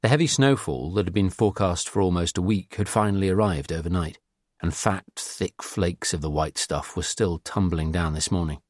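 A man reading a novel aloud in measured, descriptive scripted narration. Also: sits low, darkish tone, no echo, clean studio sound.

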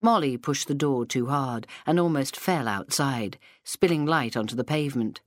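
A woman reading an audiobook novel aloud in a steady, measured way into a close mic. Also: rumbling low, no room sound. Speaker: audiobook narrator. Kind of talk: scripted narration. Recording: dry studio sound.

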